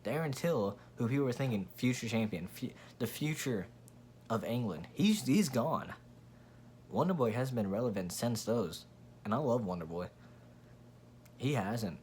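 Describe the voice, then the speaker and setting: A man's voice: medium pitch, animated, unhurried, darkish tone, slight background noise. A man hosting his own channel, giving a blunt, profane, rambling casual opinion rant with frequent restarts. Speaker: MMA commentary channel host.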